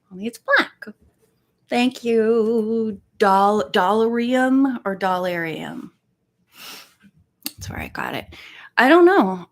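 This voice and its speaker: A woman hosting a casual live stream, chatting in a rambling way and counting pages aloud. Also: mid-range voice. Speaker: live-stream host reading a book.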